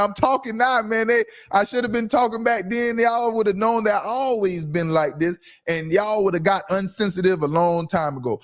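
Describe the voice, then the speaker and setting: A man hosting a casual sports talk livestream from home, loud and brash, trash-talking his commenters. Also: a little high. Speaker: podcast host.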